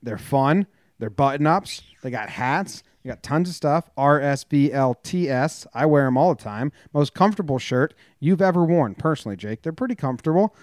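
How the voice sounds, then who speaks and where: A man's voice: on the high side, lively intonation, moderate pace, darkish tone, no echo, studio quality. A man co-hosting a casual sports podcast, joking and teasing his partner and reading an ad playfully. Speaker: podcast co-host.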